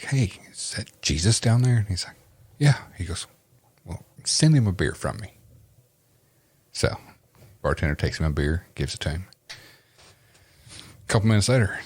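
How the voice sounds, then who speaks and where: A man's voice: extremely low pitch, slightly rough, dry recording. A man with an East Tennessee accent, hosting a casual podcast chat and telling a joke with a drawl and lots of laughter. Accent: Southern US, East Tennessee. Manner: laughs a lot, drawling storyteller. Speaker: podcast host.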